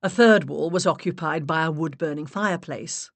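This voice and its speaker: A woman narrating a mystery audiobook in the first person, expressive storytelling. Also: low-pitched, moderate pace, dry recording. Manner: expressive storytelling with varied character voices.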